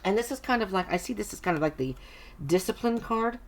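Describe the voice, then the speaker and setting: A woman's voice: medium pitch, animated, brisk. A middle-aged woman doing a casual tarot reading to camera, chatty and reassuring, often interrupting herself. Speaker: tarot reader.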